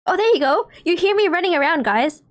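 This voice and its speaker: A young adult woman streaming from home, chatting straight to her viewers in an excitable, giggly way. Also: very high voice, fast talker. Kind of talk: casual livestream chat.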